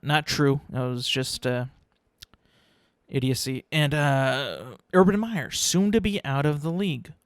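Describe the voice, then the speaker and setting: A man hosting his own podcast, rambling in a casual, self-mocking way and slipping into quick mock voices. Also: fairly high pitch, no room sound, studio quality. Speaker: podcast host. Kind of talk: casual solo podcast rant.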